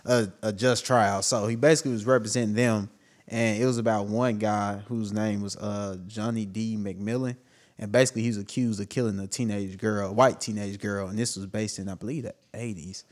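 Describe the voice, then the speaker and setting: A man's voice: fairly low pitch, fairly quick. Laid-back man rambling in casual chat. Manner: relaxed, rambling, with filler words. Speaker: podcast co-host.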